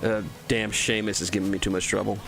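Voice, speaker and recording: A man's voice: fairly low pitch, level tone, quick pace, vocal fry, a bit bright. Rambling male streamer, faint music behind. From Texas. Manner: rambling, stumbles and repeats words, swears casually. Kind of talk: casual gameplay commentary.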